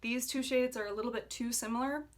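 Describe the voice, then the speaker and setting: A young adult woman chatting casually as a beauty vlogger, enthusiastic, with soft whispered asides. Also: on the high side, steady tone, fast. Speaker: beauty YouTuber. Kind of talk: casual decluttering vlog.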